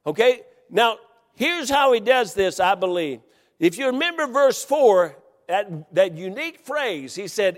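A middle-aged man preaching a sermon in a church, fervently repeating lines and rising to shouts. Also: high voice, sing-song, a little slow. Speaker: pastor. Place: church sanctuary. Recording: long hall reverb.

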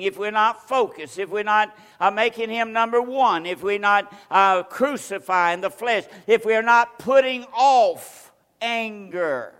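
A man preaching in a church with a high-pitched voice and an unhurried delivery. He tells stories and acts out what people said, dropping to a hush and then rising to loud declarations. His voice rings out with a long reverb through the sanctuary. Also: clean tone. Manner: storytelling with acted-out quotes, dynamic swings from loud to hushed. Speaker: pastor. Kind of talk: sermon.

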